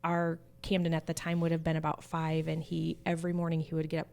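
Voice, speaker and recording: A mother in a casual podcast chat, telling a family story in an earnest, expressive way. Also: low-pitched, fast, creaky. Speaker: mother guest.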